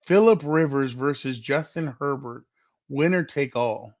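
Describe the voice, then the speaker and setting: A man co-hosting a casual sports podcast, lively and fond of spinning playful what-if scenarios. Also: mid-range voice, measured pace, dry recording, clean studio sound. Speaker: podcast co-host.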